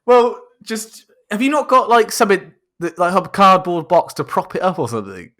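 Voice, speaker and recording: A man's voice: high-pitched, very animated, moderate pace, a bit bright. A young man co-hosting a casual podcast over a video call, bantering and laughing a lot. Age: young adult. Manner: joking, bantering, laughs often. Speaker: podcast co-host. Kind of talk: casual chat.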